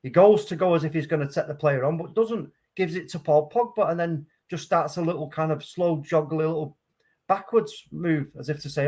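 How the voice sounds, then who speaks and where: A man giving live, excitable commentary on a football match, calm play-by-play that flares into loud outbursts. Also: on the high side, a little fast. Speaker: watchalong host.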